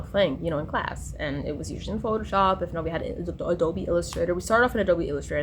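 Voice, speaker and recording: A woman's voice: on the low side, noisy background. A young woman talking in a rambling personal vlog, drifting between stories with many fillers and restarts. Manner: tangential, full of fillers and restarts. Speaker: vlogger.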